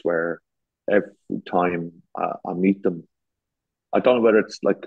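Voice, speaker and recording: A man's voice: sits low, slightly rough, no room sound. An Irish man, a garden designer, chatting casually as a guest, telling rambling anecdotes with many restarts and self-deprecating jokes, on a dull lo-fi recording. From Ireland. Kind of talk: casual storytelling chat.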